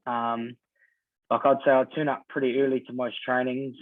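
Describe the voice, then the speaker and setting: A man's voice: mid-range voice, normal speed, no room sound. Laid-back New Zealand man, tinny sound. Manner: relaxed storytelling, many ums and sort-ofs. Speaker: guest rugby player. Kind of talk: casual podcast chat. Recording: dry, tinny phone-like sound.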